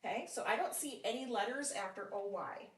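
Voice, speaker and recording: Woman, phonics tutor, encouraging and deliberate; reverberant, distant recording. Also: a little high. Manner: patient, encouraging, with frequent praise; slow, deliberate sounding out of words. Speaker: phonics teacher. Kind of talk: one-on-one phonics lesson. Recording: roomy sound from off mic.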